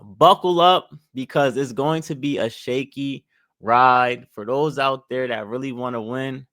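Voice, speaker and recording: Clean studio audio with no echo carries a young man's medium-pitched, fairly bright voice, measured in pace and fairly even in intonation. As a finance commentator, he delivers opinionated, preachy money advice directly to camera, driving points home by repeating phrases.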